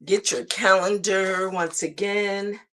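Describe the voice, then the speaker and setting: A woman's voice: medium pitch, fairly even intonation, slow pace, fairly bright tone. A middle-aged woman hosting a live morning stream, chatty and encouraging, calling her viewers "guys". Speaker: host of a live morning show. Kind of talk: upbeat live-stream sign-off.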